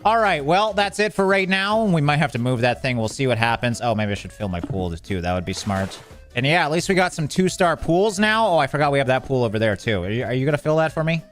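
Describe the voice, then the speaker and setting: A man's voice: medium pitch, big pitch swings, fast talker, fairly bright tone, faint music behind. Exasperated man commenting on gameplay. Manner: joking, exasperated, talks to game characters. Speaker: gaming video creator.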